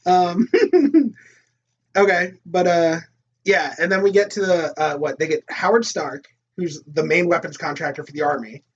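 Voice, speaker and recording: A man co-hosting a casual movie discussion podcast, animated and laughing often as he acts out lines from the film. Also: on the high side, moderate pace, husky. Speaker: podcast co-host. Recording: distant, dull lo-fi recording.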